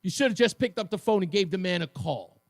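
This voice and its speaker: A man's voice: animated, fast talker, dry recording. A man hosting a talk radio show, delivering a fiery, mocking monologue and taking callers. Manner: fiery, mocking, mimics others in shrill voices. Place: radio studio.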